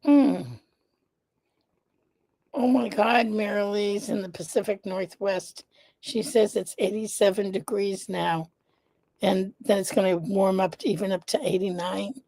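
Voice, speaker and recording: A congested woman hosting her live vlog in a casual, chatty way, often pausing with "um" and greeting viewers by name. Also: medium pitch, fairly even intonation, warm tone, dry recording. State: congested, nasal stuffiness. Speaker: vlog host, founder of an organization. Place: indoors at home.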